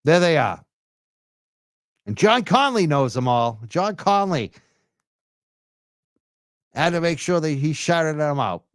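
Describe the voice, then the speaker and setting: A man talks over a video with mocking, crude commentary, laughing at what he sees. His pitch swings widely as he jokes. The sound is dry and close. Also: very animated, slow, long pauses, smooth, no room sound. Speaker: commentator reacting to event footage.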